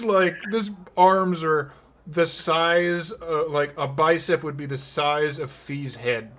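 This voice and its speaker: A man runs a tabletop game as game master. He rambles slowly through descriptions, stacking up fillers and laughing as he goes. His voice is a little high and bright. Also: steady tone.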